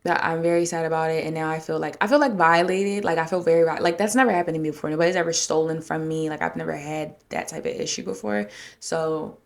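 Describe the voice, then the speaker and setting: A woman's voice: sits low, fast, vocal fry. A woman hosting a podcast, telling a story casually and acting out what people said in a raised voice. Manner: animated retelling, acting out quotes in a raised voice. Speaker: podcast host.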